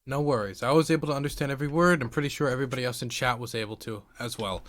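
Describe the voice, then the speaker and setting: A man hosts a podcast debate, passing the floor from guest to guest in a casual, easygoing way. His voice sits in an ordinary middle pitch. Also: very fast, a bit bright. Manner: hands the floor around. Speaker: podcast host and moderator. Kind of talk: casual moderating.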